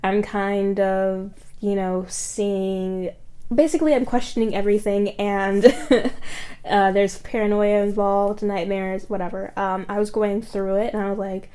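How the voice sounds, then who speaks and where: A woman's voice: medium pitch, fairly even intonation, measured pace, warm tone. A woman vlogger telling a story in a casual, rambling way, full of "like" fillers and blunt swearing.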